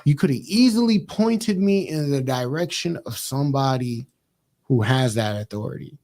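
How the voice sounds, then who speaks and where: A man co-hosting a podcast, telling a story in an animated, emphatic, slangy way. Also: mid-range voice, moderate pace. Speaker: podcast co-host. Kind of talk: casual storytelling. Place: podcast studio.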